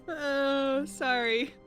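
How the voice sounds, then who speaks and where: A woman chats casually in a soft, laughing voice. She sits high in pitch and talks very slowly, with faint music under her distant-sounding mic. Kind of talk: casual chat.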